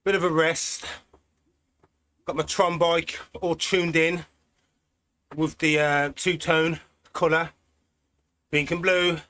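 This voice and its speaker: A man from Britain with a British accent, chatting in a relaxed way while hosting a cycling live stream from an indoor trainer at home. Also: on the high side. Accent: British English. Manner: relaxed, chatty, thinking aloud with pauses. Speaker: cycling livestream host. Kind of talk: casual live-stream chat while riding.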